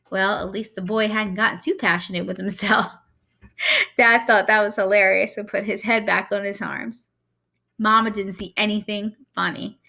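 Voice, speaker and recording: A woman reading a novel aloud, telling it in a wry first-person voice. Her tone is bright and forward, at a middle pitch. She moves quickly through the lines of the story. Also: steady tone. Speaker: reader.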